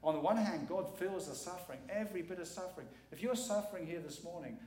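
Here the same kind of guest preacher, a middle-aged man, speaks fast in a high-pitched, warm voice. He stays earnest and emphatic through the sermon, leaning on repetition, while the sanctuary's echo fills the recording.

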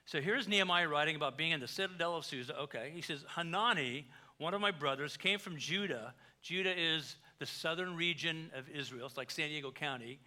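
Bright-voiced pastor preaching. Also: male voice, a little high, brisk, hardly any pauses. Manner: conversational, joking asides, dramatic swings in volume. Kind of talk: sermon.

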